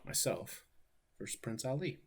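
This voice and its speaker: A man's voice: medium pitch, animated, measured pace, slight background noise. A man from Ohio, speaking, chatting casually and rambling on a livestream while answering viewer questions. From Ohio, USA. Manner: laid-back, rambling, swears freely. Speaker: wrestler streaming and watching his matches.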